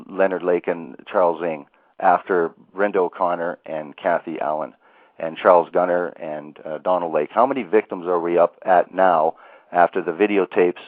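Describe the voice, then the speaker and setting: Male interview host, deep voice, wordy questions with restarts; tinny phone sound. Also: no room sound. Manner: asks long questions with restarts.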